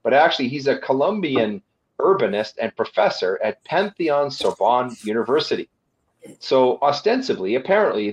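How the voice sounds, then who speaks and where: Man, lawyer guest, husky voice, lo-fi audio, fillers and restarts. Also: mid-range voice. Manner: explanatory, with frequent fillers and restarts. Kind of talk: webinar presentation.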